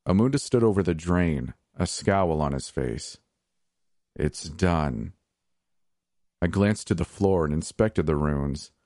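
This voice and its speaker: A man narrating dark first-person fiction in a measured, unhurried way. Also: sits low, animated, dry recording, clean studio sound.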